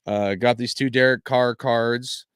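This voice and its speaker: Young dude streaming card packs, smooth voice, pretty dry sound, swears a lot and laughs a lot. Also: male voice, mid-range voice, steady tone, unhurried, no echo. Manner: laughing, swearing, loud exaggerated dismay. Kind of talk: casual live-stream chat.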